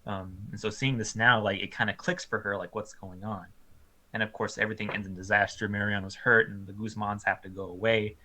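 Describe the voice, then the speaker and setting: Bright-voiced man chatting with many ums. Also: fairly low pitch, a little fast, a little hiss or hum. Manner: animated, lots of ums and likes, laughs often. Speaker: film review co-host. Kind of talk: casual film review chat.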